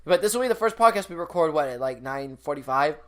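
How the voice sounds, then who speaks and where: A man's voice: a little high, expressive, fast talker. A man co-hosting a podcast in casual chat, rambling with many restarts and chuckling often. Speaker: podcast co-host.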